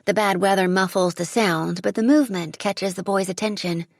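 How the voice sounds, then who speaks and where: A woman reads a first-person audiobook with vivid, dramatic storytelling. Her voice is husky with a gravelly edge. It is recorded dry and close on a studio mic. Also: medium pitch, moderate pace, dry recording. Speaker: audiobook narrator.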